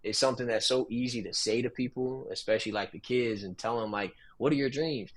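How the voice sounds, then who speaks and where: Man, mid pitch, laid-back, casual slang, podcast chat. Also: fairly quick.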